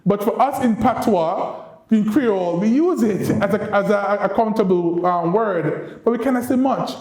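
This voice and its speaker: A man from Saint Kitts and Nevis, an ambassador giving a lively university lecture and coaxing the audience to repeat phrases like a teacher. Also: sits high, normal speed. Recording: roomy lecture-room echo.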